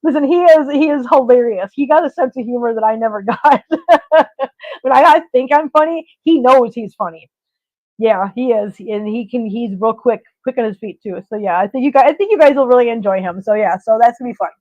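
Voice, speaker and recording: Fairly high, fairly quick, and a little mellow, this middle-aged woman's voice carries a casual livestream where she tells chatty stories and laughs frequently. The stream audio is dull and lo-fi.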